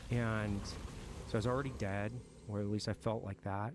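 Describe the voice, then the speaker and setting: A man with a fairly low voice tells his combat stories candidly in an interview. He talks in a blunt, profane way, turns reflective, and laughs nervously now and then. Faint noise sits behind him. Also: fairly even intonation, normal speed. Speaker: military veteran guest. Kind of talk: candid war storytelling in a podcast interview.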